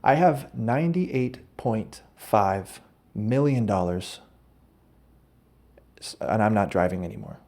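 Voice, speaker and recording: A man's voice: on the low side, animated, slow pace, mellow. A man hosting a podcast, telling a rambling, absurd comic story and often breaking off to correct himself. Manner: rambling, absurd, self-interrupting. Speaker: podcast host. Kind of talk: comedic storytelling monologue.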